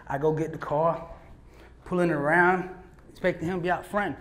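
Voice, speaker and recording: A man speaking as a motivational speaker, telling a story live in a lively, slangy way, often laughing and acting out what others said. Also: high voice, fairly quick, slight background noise.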